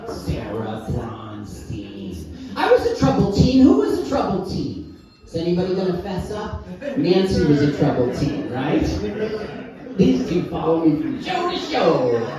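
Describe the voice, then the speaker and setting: A man's voice: a little high, wildly swooping pitch, measured pace, music in the background. A middle-aged man doing a stand-up comedy set, firing off one-liners and working the crowd in a live club. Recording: echoey room, mic heard from a distance.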